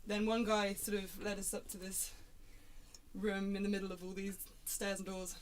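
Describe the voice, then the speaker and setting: A woman's voice: medium pitch, flat delivery, normal speed. Woman, casual storyteller, laughs often, restarts, noisy room. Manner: chatty, laughing, many fillers and restarts. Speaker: band member chatting on a stream. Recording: background noise.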